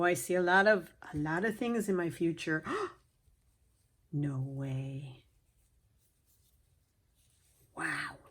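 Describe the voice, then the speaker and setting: A craft vlogger with a deep, husky voice unwraps a gift box for her camera, which sits on a stand she repositions by hand. She chats casually, gushing and gasping over every item and sometimes lowering her voice to a whisper.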